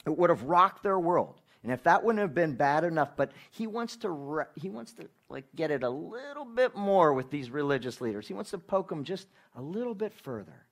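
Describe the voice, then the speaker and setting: A man preaching a sermon as pastor, talking to the congregation in an animated, conversational way, checking in with tag questions and sometimes dropping to a hush for emphasis. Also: a little high, normal speed, hardly any pauses.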